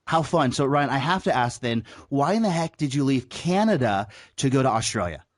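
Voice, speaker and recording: A man's voice: mid-range voice, expressive, normal speed, no room sound. A male podcast host asking questions in a chatty, playful way, recorded dry and close with little room sound. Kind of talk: interview questions.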